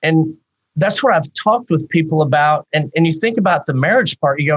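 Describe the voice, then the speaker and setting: A man in his fifties, a psychologist guest in a podcast interview, talking in a candid, animated way with many rhetorical questions. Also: on the high side, fairly quick, low-quality recording.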